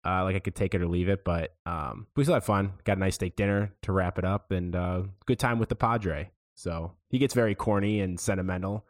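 Chill young guy rambling about his weekend on a podcast, kinda low voice. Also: fairly even intonation, fairly quick, few pauses. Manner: laid-back rambling storyteller. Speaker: podcast co-host. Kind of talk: casual chat.

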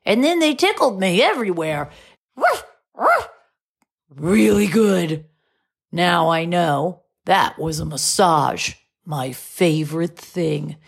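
Slow husky woman telling a story. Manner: gentle, slow and expressive, rising high on surprised lines. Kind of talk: storybook narration.

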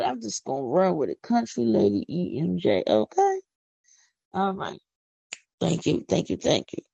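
Gravelly Philly woman, excitable chat. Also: fairly low pitch, dry recording. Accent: Philadelphia. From Philadelphia. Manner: chatty, preachy, excitable with sudden whoops. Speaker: podcast host. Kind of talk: casual monologue. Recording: dull lo-fi audio.

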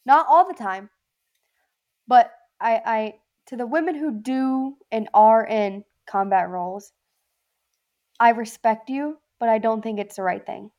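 A woman's voice: on the high side, measured pace, dull audio. A woman with a Southern accent speaks in a slightly raised voice, blunt and emphatic. She swears freely and presses her points hard in casual podcast conversation. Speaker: podcast guest, former Marine.

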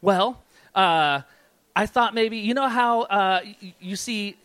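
A man voicing a naive, excited young woman student who rambles hesitantly. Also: high-pitched, slow pace, clear, resonant tone, no room sound, voice pushed up. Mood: eager.

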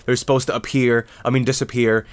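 A man hosting a casual comedy podcast, ranting in an animated, sarcastic way. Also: mid-range voice, a little fast, no room sound. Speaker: podcast host.

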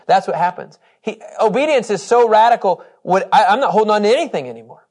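A man teaching a Bible study, reading scripture with emphasis and talking in an animated, conversational way, laughing often. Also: sits high, quick pace, few pauses. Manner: reads scripture aloud with emphasis.

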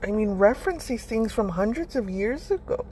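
A woman's voice: on the high side, animated, normal speed, warm tone, slight background noise. A woman hosting a casual motivational monologue, blunt and rambling, swearing freely as she talks. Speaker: podcast host.

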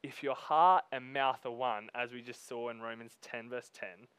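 A man preaching a sermon. He reads scripture slowly, then talks to the congregation in a casual, emphatic way. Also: medium pitch, fairly even intonation, fairly bright tone, clean tone, dry recording.

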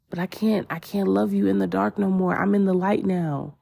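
A woman's voice: on the low side, steady tone, brisk, gravelly, few pauses, warm tone, slightly rough. A woman hosting a spiritual podcast, talking in a casual, emotional and slangy way, often repeating herself. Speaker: podcast host.

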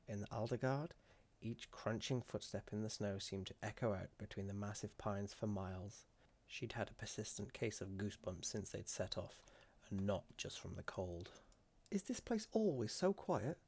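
A man narrating a fantasy story in a measured, deliberate way with dramatic emphasis. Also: on the low side, a little mellow.

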